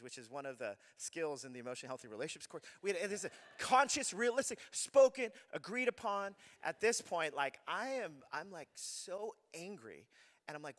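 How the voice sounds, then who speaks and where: A man in his thirties preaching a sermon, telling a personal story with animated energy and acting out his own shouting. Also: fairly high pitch, brisk. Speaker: pastor. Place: church hall. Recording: long hall reverb.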